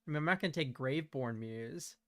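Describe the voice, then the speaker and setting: A young man giving relaxed, chatty commentary while playing a card game, laughing often and using casual slang. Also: mid-range voice, fairly quick, no echo, studio quality. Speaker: streamer.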